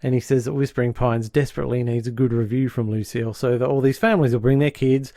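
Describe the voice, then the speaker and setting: A man co-hosting a podcast, talking through a sitcom plot in a loose, chatty way. He keeps breaking into quick impressions of the characters. His voice sits in a middle register and sounds dry and close to the mic. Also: medium pitch, steady tone, dark tone, no room sound. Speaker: podcast co-host. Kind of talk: casual chat recapping a sitcom episode.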